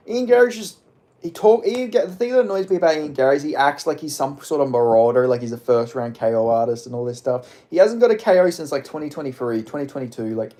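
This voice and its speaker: A man's voice: medium pitch, lively intonation, brisk, mellow. A man livestreaming and answering chat, mumbly and rambling, with lots of "like", into a phone set down a bit. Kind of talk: casual live stream chat.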